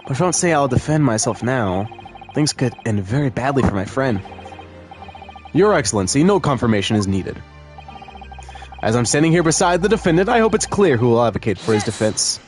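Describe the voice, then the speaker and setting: A man's voice: mid-range voice, big pitch swings, brisk, darkish tone, faint music behind, natural voice. A man voicing a nervous young male law student in a courtroom game, stammering and flustered. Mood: earnest.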